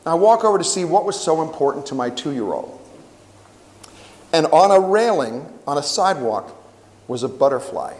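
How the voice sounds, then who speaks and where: A man's voice: a little high, normal speed. Man preaching in a reverberant hall. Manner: animated storyteller, acts out quotes. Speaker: camp worship speaker. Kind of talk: storytelling sermon.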